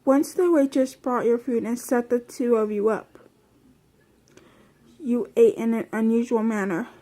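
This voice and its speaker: A woman's voice: fairly high pitch, steady tone, a little slow, mellow. Woman reading a fan story on a phone. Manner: plain, unpolished reading with restarts. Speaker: reader.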